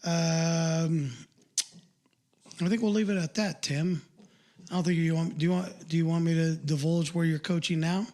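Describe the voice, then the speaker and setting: Older man, high voice, casual podcast co-host, rambling, loose talk. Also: steady tone, moderate pace, a little mellow. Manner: rambling, lots of filler and restarts.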